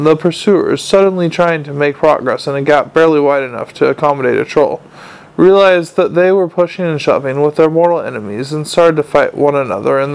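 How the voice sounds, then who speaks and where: Steady male audiobook narrator. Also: fairly high pitch, gravelly, clear, resonant tone, poor audio. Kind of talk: scripted narration.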